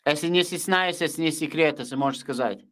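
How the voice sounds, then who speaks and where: Man, Russian accent, young adult, livestream host, casual chat, blunt, slightly high-pitched. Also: fast talker. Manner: animated, repetitive thank-yous, blunt.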